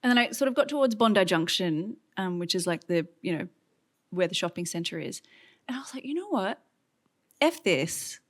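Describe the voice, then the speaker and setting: A woman in her thirties with an Australian accent, a guest on stage telling a story in lively, chatty fashion with many fillers and acted-out quotes. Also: fairly low pitch, a little fast. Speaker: guest author. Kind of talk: on-stage conversation. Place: stage event before an audience.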